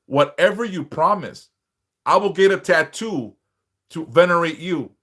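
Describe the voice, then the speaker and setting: A man's voice: on the high side, animated, a little slow, a bit bright. A man hosting a live stream, lecturing bluntly and profanely, driving his points home with repetition and rhetorical questions. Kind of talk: unscripted live-stream monologue.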